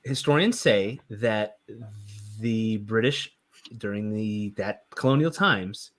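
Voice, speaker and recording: A man co-hosting a casual panel chat about writing comics, talking in a halting, rambling way with many fillers. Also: lowish voice, expressive, fairly bright tone. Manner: rambling, halting, laughs often. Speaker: co-host, comic writer.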